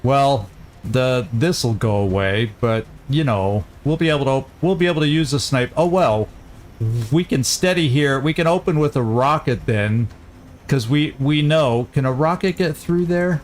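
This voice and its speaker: A man hosting a let's-play, chatting casually and thinking aloud as he plays, quick to laugh. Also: medium pitch, a little hiss or hum. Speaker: gaming channel host.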